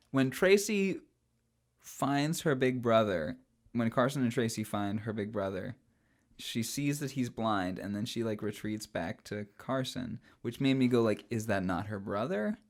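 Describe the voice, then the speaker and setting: In casual film talk on a podcast he co-hosts, a man with a medium-pitched voice takes his time. He's chatty yet hesitant, using fillers, and likes to drop into playful quoted voices.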